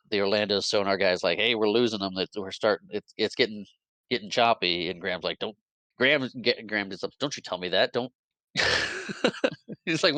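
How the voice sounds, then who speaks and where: A man retells a movie plot on a podcast in a loose, animated way, stumbling through restarts and briefly voicing the characters he describes. His voice sits a little low but sounds bright and crisp. The sound is close and dry, with no room around it. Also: no echo. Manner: frequent restarts and fillers. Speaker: podcast co-host. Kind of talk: casual movie recap.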